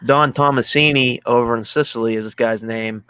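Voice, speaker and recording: A young man recaps a film for a casual podcast, his voice sitting at an ordinary middle pitch. He rambles, leans on "like," and slips into little acted-out quotes as he goes. The sound is close and dry, with no room around it. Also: steady tone, normal speed, fairly bright tone, clear, resonant tone, dry recording. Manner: rambling, heavy use of "like", acts out quotes. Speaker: podcast co-host. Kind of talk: casual movie recap chat.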